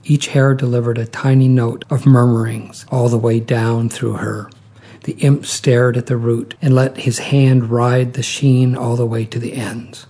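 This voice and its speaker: A man reading a short story aloud in a calm, measured way. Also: mid-range voice. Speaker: narrator.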